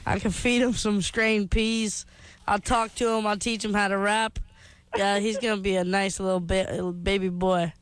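A man's voice: high-pitched, flat delivery, moderate pace, a bit bright, smooth, no echo. A man on a radio call-in show voicing a sassy, streetwise woman who calls everyone girl and answers callers in brash slang. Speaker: co-host. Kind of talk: comic radio call-in banter.

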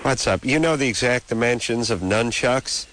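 A man's voice: medium pitch, moderate pace, a bit bright, a little hiss or hum. A man hosting a call-in radio show, talking bluntly with sarcastic jokes. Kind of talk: casual call-in banter.

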